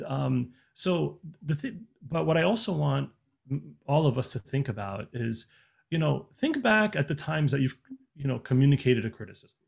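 Gravelly-voiced man giving relationship advice. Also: on the high side. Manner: earnest, many restarts and fillers. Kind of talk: conversational podcast advice.

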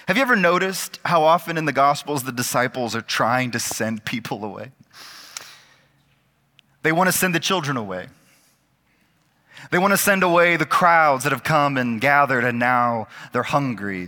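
A man's voice: medium pitch, lively intonation, pushed and bright. Man preaching in a reverberant church. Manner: slows down and stresses words, rising for emphasis. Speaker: pastor. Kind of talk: sermon. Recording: church hall with long reverb.

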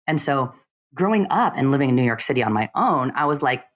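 A woman with a strikingly low-pitched voice talks through her story in a relaxed interview. She tells it with animated energy and slips into quoted voices along the way. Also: fast. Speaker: podcast guest. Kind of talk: casual interview talk.

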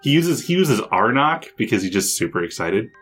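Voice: medium pitch, big pitch swings, moderate pace, loud music behind the voice. Player describing actions with a laugh. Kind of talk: casual play chat.

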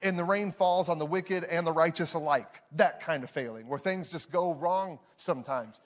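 A man in his thirties preaches a sermon to a live congregation with a slightly high voice. He talks in a loose, conversational way, restarting his phrases often and putting on voices for the people in his stories. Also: moderate pace. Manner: conversational storytelling with frequent restarts; acts out voices in anecdotes. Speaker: pastor. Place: church hall with live audience.

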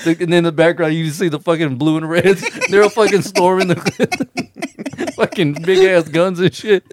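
A young man tells his friends about a favorite comedy, acting out every line and cracking himself up along the way. His voice sits a touch high. The sound is dry and close. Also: moderate pace, no echo. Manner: animated storytelling, swears a lot, laughs often, acts out lines. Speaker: friend retelling a movie. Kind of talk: casual chat among friends.

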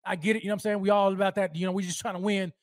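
A man's voice: high-pitched, level tone, racing, dry recording, studio quality. A man hosting a live sports fan show, hyped and rambling, with slangy street talk and lots of repeats.

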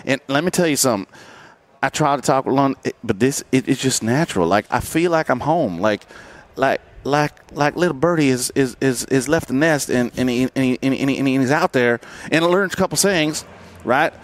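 A man's voice: medium pitch, lively intonation, a little fast. A man hosting a casual live podcast from a racetrack, rambling and joking with lots of restarts. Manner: rambling, joking, many restarts and filler words. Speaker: podcast host. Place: racetrack grandstand overlooking the pit.

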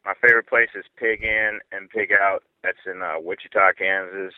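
A man's voice: low-pitched, steady tone, normal speed, no echo. A man calling in as a comedian guest, talking casually and rambling with lots of fillers. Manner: laid-back, rambling with many fillers. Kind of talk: casual chat. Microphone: phone. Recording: tinny phone line.

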